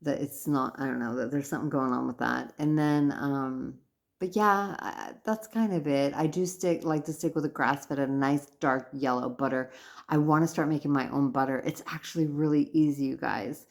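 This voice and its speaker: Tired, chatty low-voiced woman vlogger. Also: moderate pace, creaky. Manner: chatty, rambling, self-correcting with frequent fillers. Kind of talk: casual diary vlog.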